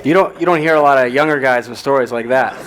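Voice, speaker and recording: A man's voice: medium pitch, fast, noisy background. A man hosting a live veterans' storytelling event, casually moderating and teasing the guests with follow-up questions. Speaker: event host. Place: restaurant event room.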